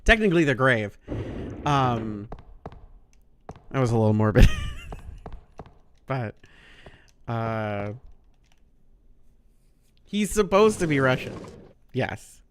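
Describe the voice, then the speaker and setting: Male streamer, casual game commentary: jokey, profane, lively voice swinging up and down. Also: medium pitch, extremely slow, pauses often, slight background noise. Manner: jokey, laughs a lot, swears, voice jumps around.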